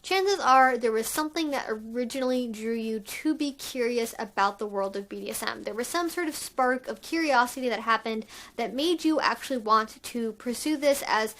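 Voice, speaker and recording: A woman's voice: fairly high pitch, moderate pace, a bit bright. A woman hosting her own channel, talking in a frank, chatty way with lots of casual fillers. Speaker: channel host. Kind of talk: candid conversational vlog talk.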